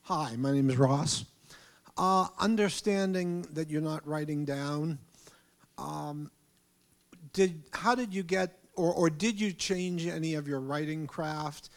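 A man in the audience asks the speaker a question, hesitant and restarting as he goes. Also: on the high side. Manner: slow and hesitant, halting restarts. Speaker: audience member asking a question.

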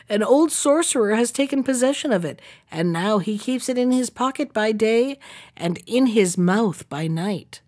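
A woman storyteller reads an old fairy tale aloud, her voice sitting a little high. She reads expressively, rising further whenever a character speaks. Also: moderate pace. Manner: expressive, raises pitch for characters' lines.

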